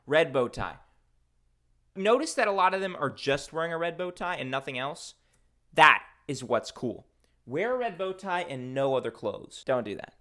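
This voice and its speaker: Animated, excitable male vlogger. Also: mid-range voice. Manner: excitable, jokey, laughs often, rambling asides. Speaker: video host ranking food mascots. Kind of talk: casual commentary.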